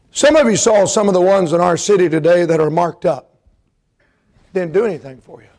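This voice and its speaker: A man preaching a revival sermon in a strikingly high voice, his tone tearful throughout. He rises into fervent shouted bursts and then falls back to soft, confiding storytelling.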